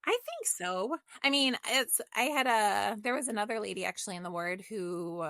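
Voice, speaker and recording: A woman's voice: mid-range voice, expressive, moderate pace, pushed and bright, dry recording, studio quality. A middle-aged woman, a podcast guest, telling a personal story in an open, reflective and emotional way in casual conversation.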